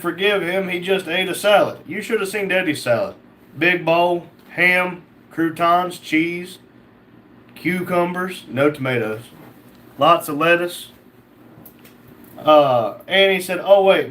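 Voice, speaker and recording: A man's voice: on the high side, a bit bright, slight background noise. A man hosting a casual livestream, reading out chat comments and joking back.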